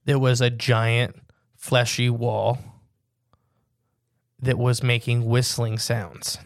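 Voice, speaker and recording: A man co-hosting a casual podcast, rambling and joking, slowing down to stress details. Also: medium pitch, level tone, dry recording, clean studio sound. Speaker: podcast co-host.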